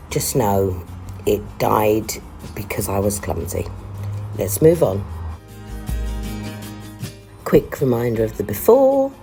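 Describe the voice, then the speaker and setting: Low, lively-voiced woman potter narrating. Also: low-quality recording. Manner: chatty and playful, with jokey asides. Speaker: potter and vlog host. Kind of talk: casual vlog voice-over narration. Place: Saint Lucia.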